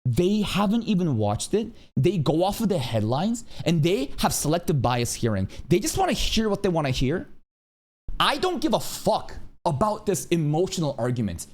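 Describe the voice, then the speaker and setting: A man's voice: high-pitched, very animated, normal speed. A male streamer giving a heated, profane commentary rant. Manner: profane, heated, sweeping rants. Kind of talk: ranting commentary to camera.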